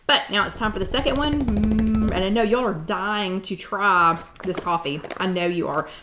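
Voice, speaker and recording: A middle-aged woman, hosting a live-stream chat at home in a bubbly, excited way. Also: medium pitch, over loud music. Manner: bubbly and excited, drawn-out exclamations. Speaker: host.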